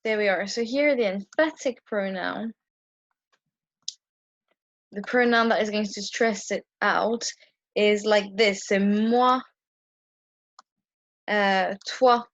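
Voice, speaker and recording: Working through a whiteboard in an indoor room, a woman teaches French grammar casually and patiently, often stopping for ums and restarts. Her mid-pitched voice is close and dry with no echo, the recording slightly muffled and dull, and she speaks slowly with long pauses.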